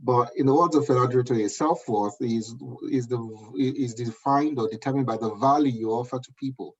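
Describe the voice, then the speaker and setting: A man's voice: mid-range voice, moderate pace, husky. A man in his thirties with a Nigerian accent, giving an emphatic motivational talk and often checking that the audience understands. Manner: emphatic, keeps asking "do you understand?". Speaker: guest speaker. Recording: dull lo-fi recording.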